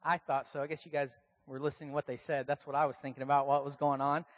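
A man's voice: medium pitch, little pitch movement, very fast. A man with an American accent preaching a sermon in a casual, conversational, self-deprecating way. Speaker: pastor.

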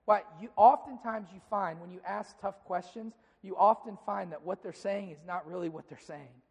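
Pastor preaching in a reverberant sanctuary; conversational, acts out exchanges, voice sits high. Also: male voice, moderate pace, creaky, breathy edge. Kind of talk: sermon.

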